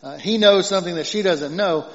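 A man with a Southern accent preaching a conversational sermon as pastor, growing loud and emphatic as he quotes scripture, often chuckling. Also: sits high, a little fast. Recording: dull long reverb, lo-fi church hall.

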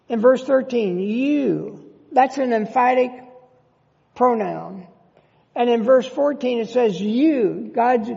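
Gravelly high-voiced preacher man, slow. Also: warm tone. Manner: emphatic preaching with rhetorical questions. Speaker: pastor. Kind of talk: sermon. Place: church sanctuary. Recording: long church reverb, dull lo-fi sound.

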